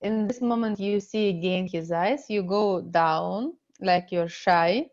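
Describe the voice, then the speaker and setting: Russian-accented woman, middle-aged, relationship coach; halting non-native English, unhurried delivery, a bit dull-sounding webinar recording. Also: medium pitch, a little mellow. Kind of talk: online seminar teaching.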